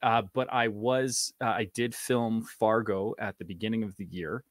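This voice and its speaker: A man's voice: fairly low pitch, steady tone, normal speed, dry recording, studio quality. A Canadian man, an actor, chatting casually in an interview with a rambling manner and many fillers. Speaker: actor guest.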